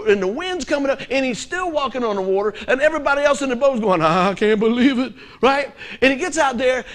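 A man preaching a sermon, asking his listeners questions and swinging from loud, emphatic lines to hushed ones. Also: very high voice. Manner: emphatic, asks the congregation questions.

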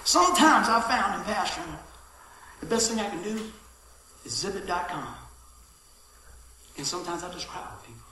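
A middle-aged man preaching a sermon, telling stories with swings from loud calls to hushed asides. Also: high voice, normal speed, long pauses, a little hiss or hum. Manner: lively storytelling, swings from shouting to hushed asides. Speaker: pastor. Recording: very echoey church hall.

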